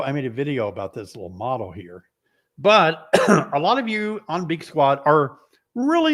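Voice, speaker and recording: A middle-aged man chats on a live stream, his voice bouncing high and low with lively swings. He sounds short of breath, coughing between playful, teasing remarks. His pitch sits a little above the usual male range. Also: moderate pace. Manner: playful, teasing, with animated exclamations. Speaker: beekeeping host. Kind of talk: casual live stream chat.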